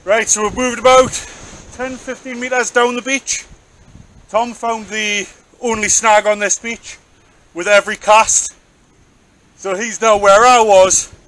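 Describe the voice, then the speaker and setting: A man's voice: high voice, flat delivery, measured pace, pauses often, fairly bright tone, poor audio. A man chatting playfully to the camera while fishing on a windy beach, joking with his friend. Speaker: angler vlogger. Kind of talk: casual outdoor vlog commentary. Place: open beach on a windy evening. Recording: wind noise on the mic.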